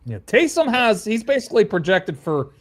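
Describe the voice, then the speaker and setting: A man co-hosting a casual sports podcast, chiming in with quick opinions and frequent laughs. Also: high-pitched, sing-song. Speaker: podcast co-host. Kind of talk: casual chat.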